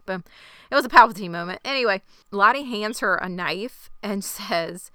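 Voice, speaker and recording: A woman's voice: medium pitch, moderate pace, pushed and bright, clean tone, no room sound. A woman hosting a podcast, recapping an episode in a wry, sardonic way. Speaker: podcast host. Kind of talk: casual recap chat.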